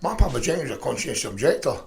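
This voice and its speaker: A middle-aged man telling stories in a profane, rambling, animated way. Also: medium pitch, very fast, gravelly, roomy sound. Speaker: podcast guest. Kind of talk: casual storytelling chat.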